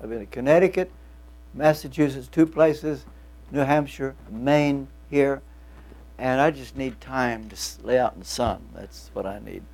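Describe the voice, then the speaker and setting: A man's voice: mid-range voice, measured pace, a little mellow. A man in his seventies preaching a sermon to a congregation, folksy and joking, with a lingering cough. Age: 70s. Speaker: pastor.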